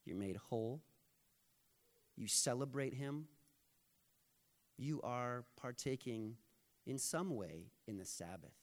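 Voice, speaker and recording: At a slow pace, leaving long pauses, a pastor delivers a sermon in an easygoing, conversational manner. His voice sits at a typical male pitch, and he trades easy jokes with the room before getting earnest for his main point.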